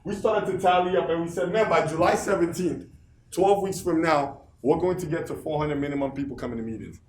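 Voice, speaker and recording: High-voiced man giving a motivational speech. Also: fairly quick, echoey room, a little hiss or hum. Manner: rhetorical questions to the audience; repeats phrases for emphasis. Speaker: office leader giving a motivational talk. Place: office meeting room.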